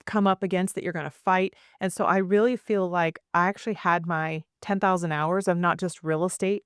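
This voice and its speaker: A woman's voice: on the low side, smooth, no echo, clean studio sound. A woman of around forty, a podcast guest, telling her story with energy and acting out the voices of people she quotes. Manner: acts out quoted voices, fast bursts with many asides. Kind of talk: animated storytelling in a podcast interview.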